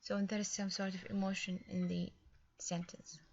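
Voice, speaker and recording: A woman's voice: mid-range voice, flat delivery, normal speed, highs cut off. A woman teaching a recorded English grammar lesson, explaining patiently step by step with small fillers.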